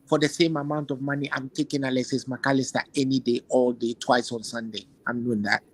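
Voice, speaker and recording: Male podcast host, mid-pitched, strong opinions, emphatic, restarts phrases often. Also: flat delivery, a little fast, poor audio. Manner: opinionated, emphatic, repeats phrases while searching for words. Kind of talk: casual football opinion chat.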